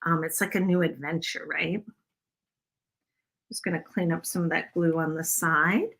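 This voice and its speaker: A woman's voice: sits low, steady tone, normal speed, creaky, a bit bright. A woman hosting a casual craft livestream, rambling and self-deprecating as she chats with viewers. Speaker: craft video host.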